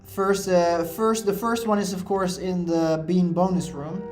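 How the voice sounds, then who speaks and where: A man with a slightly higher-than-average voice gives loose, rambling commentary while he plays a video game, filling his talk with "like" and "uh". Faint game music sits quietly behind him. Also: steady tone, unhurried. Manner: rambling, lots of "like" and "uh" fillers. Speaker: let's play host. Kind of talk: casual gameplay commentary.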